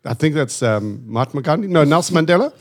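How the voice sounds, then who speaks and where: A South African comedian telling stories and joking in a casual podcast chat, animated and swearing often. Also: male voice, on the high side, fast. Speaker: comedian guest.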